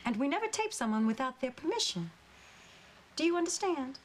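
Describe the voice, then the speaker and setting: A woman's voice: sits high, very animated, brisk, a little hiss or hum. An actress playing a sassy, firm sitcom mother with a teasing, wisecracking manner. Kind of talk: sitcom acting. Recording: TV audio with studio audience laughter.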